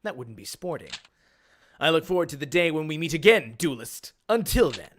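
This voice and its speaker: A man playing a slow, silky scheming villain. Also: very animated, a bit bright, a little hiss or hum. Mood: silky menace. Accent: Australian. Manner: low, slow, menacing and courtly. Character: smooth scheming male villain offering a choice.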